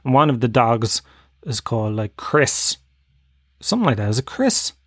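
Kerry irish man, thirties, podcast host, rambling sweary comic monologue, mid-pitched, dry close sound. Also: sing-song, normal speed, a bit bright, dry recording. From Ireland (Tralee, Kerry). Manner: rambling, sweary, laughing at his own jokes.

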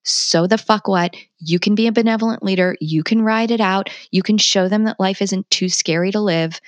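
A woman's voice: mid-range voice, moderate pace, no room sound, lo-fi sound. A woman talking as a parenting educator in a candid interview, blunt and emphatic, swearing freely. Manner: animated and passionate. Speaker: parenting educator, podcast guest.

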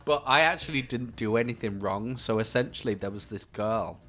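A man's voice: medium pitch, moderate pace, a bit bright, faint music behind. A man co-hosting a podcast in casual chat, telling stories with frequent laughter. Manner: chatty, laughs often, camp storytelling. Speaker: podcast co-host.

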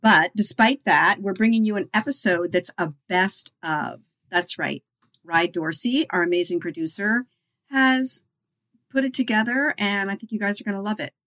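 A woman's voice: medium pitch, moderate pace, fairly bright tone. A woman hosting a podcast in casual chat, upbeat and playful. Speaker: podcast host.

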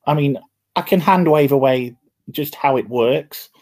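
A man's voice: medium pitch, measured pace, a little mellow. A man on a podcast, easygoing and a bit defensive as he explains his choice. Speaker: podcast co-host. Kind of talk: casual podcast chat.

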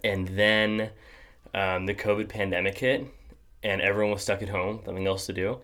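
A young man with a lowish voice hosts a casual podcast conversation. He rambles, restarts his sentences and stacks up fillers, laughing often as he goes. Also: steady tone, moderate pace, bright, forceful tone. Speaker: podcast host. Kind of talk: casual chat.

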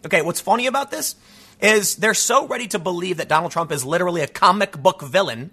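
A man in his thirties hosting a casual commentary show, reading news aloud with animated asides and rapid restarts. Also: high voice, slightly rough. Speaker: political commentary host.

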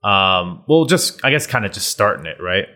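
A man's voice: deep voice, sing-song, moderate pace, bright, forceful tone. A young man hosting a podcast, rambling casually through his intro and laughing at himself. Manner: rambling, self-deprecating, laughs often. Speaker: podcast host.

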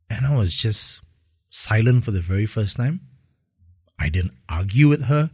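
Middle-aged guy telling his testimony, husky voice, halting and emotional, dry close sound. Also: on the low side, animated, a little mellow, dry recording. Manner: emotional storytelling, slow and halting in places. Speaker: guest. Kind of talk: personal testimony in an interview.

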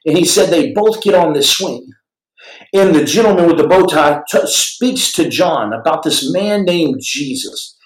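A man's voice: fairly high pitch, animated, unhurried, echoey room, low-quality recording. A man hosting a podcast, telling a story dramatically with asides to his listeners. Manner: dramatic, shifting voice for quoted people, frequent restarts and asides to listeners. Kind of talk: animated spoken storytelling.

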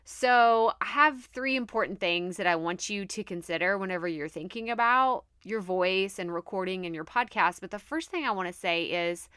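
A woman's voice: mid-range voice, moderate pace, hardly any pauses, bright, forceful tone, clear, resonant tone, no room sound, clean studio sound. A woman with a Texan accent hosting a podcast, talking in a chatty, upbeat way with frequent laughs and lots of "like". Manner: chatty, upbeat, laughs often, says "like" a lot. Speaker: podcast host. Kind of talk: casual podcast monologue.

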